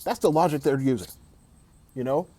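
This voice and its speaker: A man's voice: medium pitch, moderate pace, mellow. A man giving an emphatic, opinionated sports rant, repeating himself and saying "dog" often. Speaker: sports commentator.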